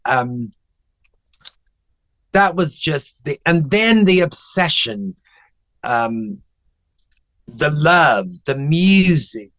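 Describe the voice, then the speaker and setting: A man's voice: fairly high pitch, fairly bright tone, no echo, poor audio. A man in his seventies, a guest in an interview, telling long anecdotes in a chatty, rambling way full of restarts. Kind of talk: animated anecdotal storytelling.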